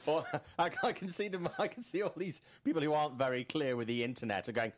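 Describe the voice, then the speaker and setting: A man's voice: a little high, fast. A man co-hosting a podcast, cracking jokes and puns while chatting about movie news. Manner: jokey, punning, very animated delivery. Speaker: podcast co-host. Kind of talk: casual movie news chat.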